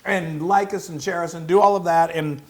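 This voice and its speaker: A man's voice: on the high side, fairly even intonation, moderate pace. Chatty man hosting a cooking video. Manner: chatty, upbeat, loose explaining. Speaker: cooking show host. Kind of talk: casual cooking demonstration.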